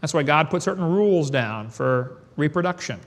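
A man's voice: on the high side, expressive, moderate pace. A man giving a preaching lecture to an audience in a folksy, emphatic way, firing off rhetorical questions and chuckling. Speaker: creationist seminar speaker.

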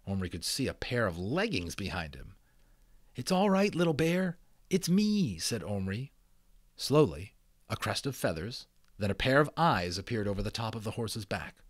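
A man giving a dramatic reading of a children's novel, expressive and adding casual asides. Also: lowish voice, normal speed, slightly rough, no room sound, clean studio sound. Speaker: audiobook reader.

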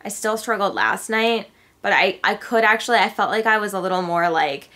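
A woman's voice: medium pitch, fairly quick, a bit bright. A young adult woman chatting casually to camera in a vlog, talking freely and filling her sentences with little filler words. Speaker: vlogger.

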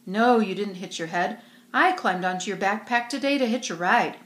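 A woman voicing a kind, gentle talking spider who soothes a frightened girl, in a roomy recording. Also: mid-range voice, moderate pace, close to an everyday voice. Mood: soothing. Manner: soothing, motherly. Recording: roomy echo.

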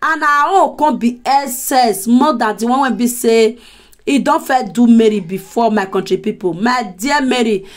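A Nigerian woman telling gossip to her viewers in a lively, talkative way, laughing now and then. Her voice sits a little high. She sounds casual and direct, as if chatting with friends. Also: moderate pace. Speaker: gossip commentator.

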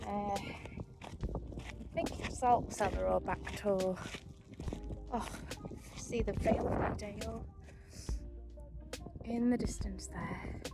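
A woman's voice: medium pitch, fairly even intonation, takes it slowly, creaky, long pauses. A young woman chats and narrates as she hikes solo over rocky moorland to wild camp, joking about herself and laughing often. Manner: chatty, self-deprecating, laughs often. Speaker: solo wild camping vlogger. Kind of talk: casual outdoor vlog narration. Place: outdoors on rocky moorland hills. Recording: loud background music.

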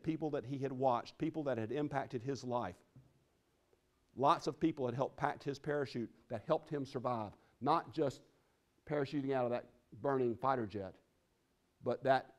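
Fast-talking man speaking to a conference. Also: mid-range voice. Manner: fast-talking, repeats words and restarts. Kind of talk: motivational speech. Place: conference hall.

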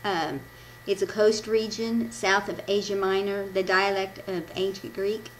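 A woman from the Midwestern US leads a relaxed church devotion from her notes, meandering and laughing whenever she stumbles and has to correct herself. Her mid-range voice shows little pitch movement and runs a little slow. The recording is low quality, with a little hiss or hum.

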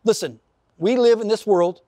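A man's voice: high voice, moderate pace, warm tone, no echo, clean studio sound. A man preaching a sermon to camera as pastor, earnest and emphatic, reading scripture aloud.

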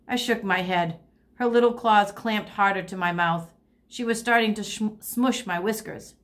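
A woman's voice: mid-range voice, moderate pace. A woman teacher reading a children's chapter book aloud to a second grade class, expressively. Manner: expressive storytelling.

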